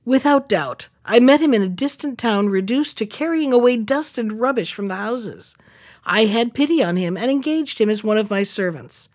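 A woman's voice: on the high side, lively intonation, normal speed. A woman reading the lines of a bold young prince in a fairy tale, confident and courteous.

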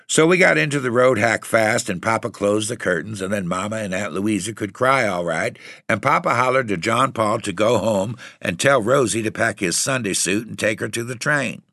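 A man reading a story aloud in steady, even narration. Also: lowish voice, dry recording, clean studio sound. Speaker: audiobook reader. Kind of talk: scripted narration.

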